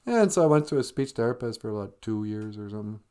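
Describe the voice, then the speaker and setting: A man's voice: lowish voice, expressive, fast talker, mellow, clear, resonant tone. A man hosting a live-stream podcast in casual chat, joking and laughing often. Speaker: podcast host.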